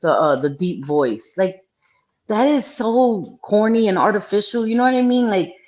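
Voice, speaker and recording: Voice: medium pitch, lively intonation, normal speed, a little mellow. Emphatic guest on dull lo-fi audio. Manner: emphatic, keeps saying "you know what I mean". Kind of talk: casual chat.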